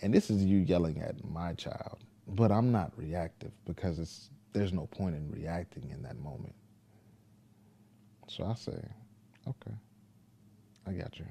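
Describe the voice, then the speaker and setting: A father talking casually to the camera, telling a parenting story in a laid-back, deliberate way. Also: deep voice, gravelly, warm tone, a little hiss or hum.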